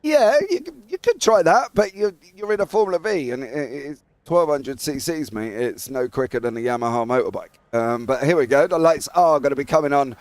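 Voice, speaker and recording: A man's voice: fairly high pitch, animated, a little fast, hardly any pauses, darkish tone, dry recording. A British man doing chatty live commentary on a sim race, reading out the grid and talking with his co-host. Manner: chatty, laughs easily, calls out names.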